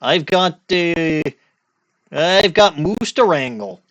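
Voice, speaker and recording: A man's voice: a little high, expressive, slow pace, noisy background, pitched above the performer's own voice. A man voicing a bossy male judge with a put-on Canadian accent, impatient and tacking on "eh". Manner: impatient, ends lines with eh.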